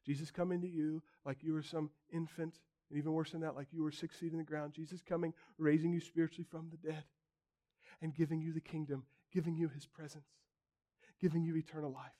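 A man's voice: fairly high pitch, little pitch movement, fairly quick, warm tone. A man preaching a sermon as a pastor, emphatic, building his points through repeated phrases.

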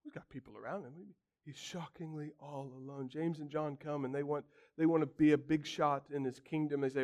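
A man preaching a sermon, acting out quotes dramatically and swinging from loud outbursts to hushed lines. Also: fairly high pitch, fairly even intonation, fairly quick, hardly any pauses.

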